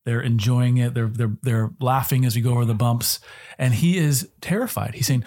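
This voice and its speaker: A man's voice: mid-range voice, fairly quick, darkish tone. A middle-aged man co-hosting a casual faith-based parenting chat, earnest and a little preachy with joking asides. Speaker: podcast co-host.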